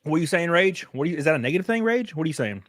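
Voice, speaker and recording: A man's voice: fairly high pitch, very animated, rapid-fire, no room sound, studio quality. Joking man streaming. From Alabama. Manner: loud, joking, reads chat. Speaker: streamer host. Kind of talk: casual livestream commentary. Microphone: headset.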